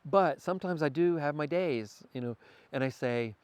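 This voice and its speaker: A man's voice: on the high side, moderate pace, darkish tone, clear, resonant tone, no room sound. A man talking as a podcast guest, earnest and spiritual in manner, sometimes stammering as he thinks aloud. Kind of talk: casual conversation.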